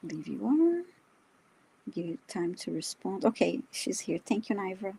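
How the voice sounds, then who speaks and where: Soft-spoken husky woman giving readings. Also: mid-range voice, very animated, moderate pace, low-quality recording. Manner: soft, hesitant, many ums and restarts. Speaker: psychic reader, co-host. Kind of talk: live psychic reading session.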